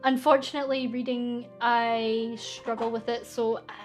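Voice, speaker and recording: A woman's voice: fairly high pitch, little pitch movement, moderate pace, soft background music. A young woman streaming a casual chat, reading viewer comments aloud in a bubbly, giggly way.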